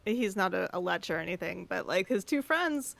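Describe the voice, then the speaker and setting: A woman co-host in casual book-review chat, animated and opinionated as she tells stories. Her voice sits at an ordinary pitch. The recording is close and dry, with no room sound. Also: moderate pace, vocal fry, no room sound. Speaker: podcast co-host.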